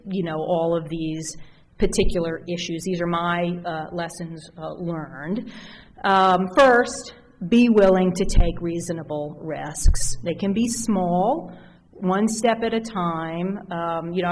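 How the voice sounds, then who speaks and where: Chatty, animated woman giving a keynote. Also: on the low side, a little hiss or hum, poor audio. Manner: conversational, animated storytelling with fillers. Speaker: keynote speaker. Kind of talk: conference keynote speech. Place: conference hall.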